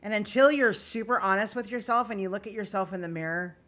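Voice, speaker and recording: A woman's voice: mid-range voice, fast talker, fairly bright tone. A woman vlogging candidly to her viewers in an earnest, confessional way on an emotional day. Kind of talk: candid personal vlog.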